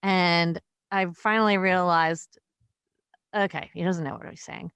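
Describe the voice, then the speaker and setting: A chatty woman co-hosting a casual podcast, her voice sitting a little low. She talks freely and laughs often between phrases. The recording is dry and close, with no room sound. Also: steady tone, unhurried, a bit bright, clean tone, no room sound. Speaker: podcast co-host. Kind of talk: casual chat.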